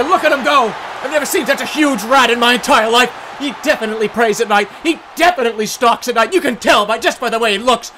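A man doing excited mock sports commentary as a streamer, shouting like an announcer. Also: extremely high pitch, slight background noise.

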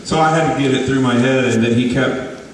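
A man's voice: mid-range voice, brisk, recorded from a distance. A man giving a loose, rambling testimony in an interview, laughing often, recorded from afar in a large hall. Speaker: guest musician.

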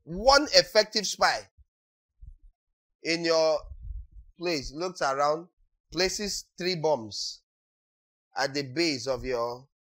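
A man preaching a sermon as pastor, acting out quotes and breaking into sudden shouts. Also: medium pitch.

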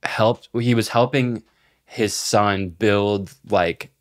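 A man's voice: on the low side, extremely slow. A young man co-hosting a podcast, telling stories casually with lots of swearing and fillers. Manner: profane, rambling storytelling with many fillers. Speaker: podcast co-host.

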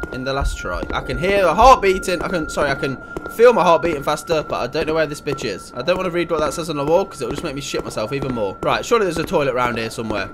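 A young man doing panicky, swearing commentary while playing a horror game. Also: fairly high pitch. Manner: panicky, sweary, jokey, sings and talks to himself. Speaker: gaming YouTuber. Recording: game music behind the voice. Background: game music.

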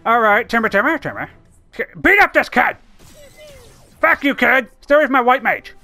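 A gamer giving excitable, sweary commentary over their own gameplay. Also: mid-range voice, moderate pace, faint music behind. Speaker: let's play gamer.

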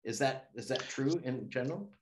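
A man hosting a casual podcast interview. He mostly gives short acknowledgments and asks loose, halting questions. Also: mid-range voice. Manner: brief backchannel replies, loose questions. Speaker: podcast host.

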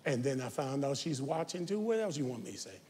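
A man preaching a sermon as pastor, talking straight to his congregation and building to shouted, confrontational calls. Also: mid-range voice, lively intonation, quick pace. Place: large church sanctuary. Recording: reverberant church sanctuary.

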